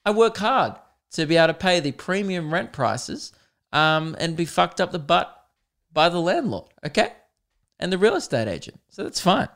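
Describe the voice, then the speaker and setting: A young man with an Australian accent, a podcast host telling a rambling, animated comic story and swearing often. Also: fairly high pitch. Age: young adult. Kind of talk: comedic storytelling.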